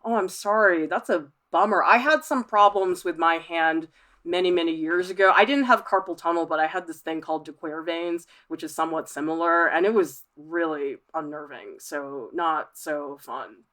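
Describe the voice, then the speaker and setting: A woman hosts an art livestream, reading out comments and answering each one in a relaxed, talkative way. Her voice sits slightly low for a woman, and she laughs easily as she goes. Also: normal speed. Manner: chatty, animated, laughs often. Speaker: art professor, livestream host. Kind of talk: casual livestream chat, reading viewer comments.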